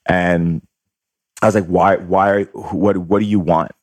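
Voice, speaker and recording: A man's voice: low voice, fairly even intonation, slow pace, breathy edge, dry recording. A man telling a personal story in conversation, earnest and re-enacting what was said. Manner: earnest, re-enacts voices in quotes. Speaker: guest.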